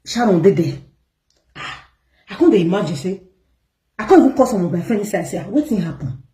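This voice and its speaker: A woman's voice: medium pitch, lively intonation, brisk, dark tone, echoey room. A Nigerian woman hosting an online gossip show, ranting at her viewers in an emphatic, scolding way and repeating words for stress.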